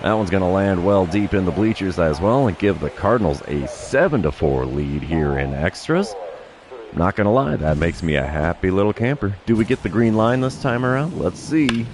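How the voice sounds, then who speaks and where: A man streaming a baseball video game, calling each pitch like an announcer with dry self-deprecating asides. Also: big pitch swings, moderate pace, a little mellow, soft background music. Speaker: gaming streamer. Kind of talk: play-by-play commentary of his own video game.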